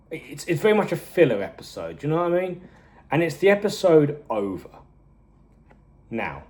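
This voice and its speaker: A man's voice: medium pitch, a little mellow. Casual male co-host reviewing a series, chatty and rambling, acts out characters' lines. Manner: rambling, goes off on tangents, acts out characters' lines in quick bursts.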